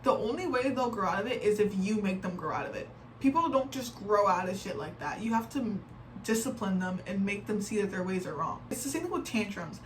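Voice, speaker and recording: A woman's voice: mid-range voice, lively intonation, a little fast. A young adult woman reacting to online posts in casual commentary, chatty and full of "like" fillers, often exasperated. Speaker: reaction video creator. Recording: distant mic with faint background noise.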